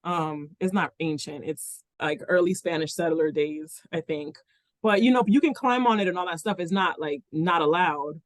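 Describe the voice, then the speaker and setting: A woman's voice: on the low side, normal speed, dry recording. Rambling woman podcast co-host, dry close mic. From Dominican Republic. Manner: rambling, many restarts and "like" fillers. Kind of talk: casual chat.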